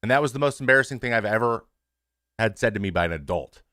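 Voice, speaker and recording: A man in his thirties, a former pitcher hosting his show, speaking frankly and casually to his stream audience, with swearing and many restarts. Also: lively intonation, quick pace, sharp tone, dry recording, studio quality.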